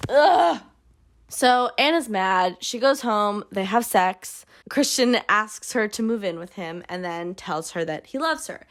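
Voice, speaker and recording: A woman's voice: mid-range voice, expressive, unhurried. Sarcastic woman recapping a book. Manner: sarcastic, dry asides, swings into mock character voices. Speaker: book club host.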